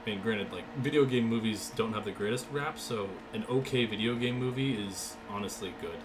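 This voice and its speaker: A young man streaming a racing game, calling the race in an excited play-by-play style and chatting loosely between races. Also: fairly low pitch, fairly quick, over music. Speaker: gaming streamer. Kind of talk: live racing game commentary.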